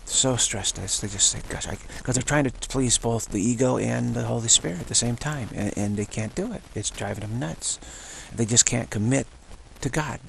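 With a mid-range, slightly bright voice and some vocal fry, a man talks at a moderate pace with hardly any pauses over slight background noise. It's a casual spiritual monologue he taped himself at home, rambling, repetitive and dotted with chuckles.

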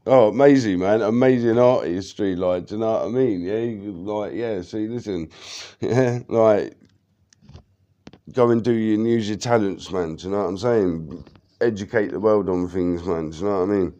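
A man's voice: lowish voice, moderate pace, mellow, muffled recording. A man, rambling through a personal monologue full of swearing and fillers. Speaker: vlogger.

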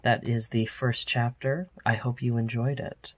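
A storyteller reading a children's chapter book aloud, narrating steadily and expressively in a mid-pitched man's voice. Even, clear storytime delivery. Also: a little slow.

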